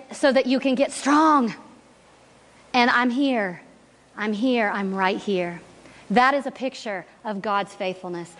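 Woman preacher, animated storyteller voicing characters, slightly high voice, reverberant church hall. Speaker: guest speaker at church. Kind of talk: sermon testimony storytelling. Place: church sanctuary.

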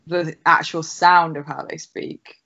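A woman's voice: deep voice, level tone, measured pace, vocal fry, fairly bright tone. Chatty woman, lo-fi podcast sound. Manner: explains at length with many "like" fillers. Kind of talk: casual chat. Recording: dull lo-fi sound.

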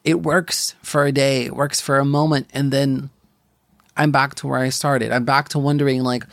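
Young guy, gravelly voice, middle pitch, talking about his faith in a halting, rambly way. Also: level tone, no echo. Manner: rambling, halting, many restarts and fillers. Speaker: podcast host. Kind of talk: personal faith testimony.

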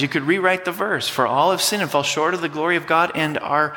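A man's voice: on the high side, fairly quick, hardly any pauses, bright, forceful tone. A man preaching a sermon as pastor, emphatic and teaching, leading the congregation in repeating words. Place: church sanctuary. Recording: long hall reverb.

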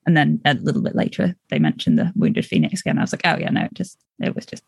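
A woman's voice: low-pitched, sing-song, fast, vocal fry, a little mellow, slightly rough, dry recording, clean studio sound. An English woman co-hosting a podcast, chatting casually, wandering into tangents and laughing often. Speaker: podcast co-host. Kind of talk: casual chat.

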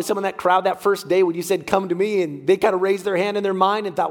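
A man's voice: high-pitched, fairly even intonation, fast talker, hardly any pauses. A middle-aged man preaching a heartfelt sermon as a pastor, leaning on repeated phrases. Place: church sanctuary. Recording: long hall reverb.

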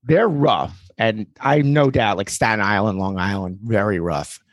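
Lowish man telling wry stories. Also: measured pace, no echo, studio quality. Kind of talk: casual podcast chat.

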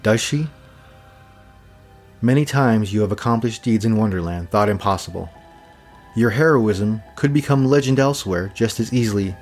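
A man's voice: fairly low pitch, moderate pace, long pauses, a little mellow, soft background music, close to an everyday voice. A man voicing a commanding, regal queen who speaks with urgency. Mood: shrewd. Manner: urgent, imperious. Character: commanding middle-aged woman queen, regal.

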